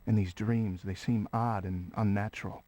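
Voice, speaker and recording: An actor playing an earnest young gentleman investigator in a 1990s game, speaking formally with a put-on British accent. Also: lowish voice, fairly even intonation, a little hiss or hum, natural voice, rough recording. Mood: concerned. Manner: formal, measured period speech.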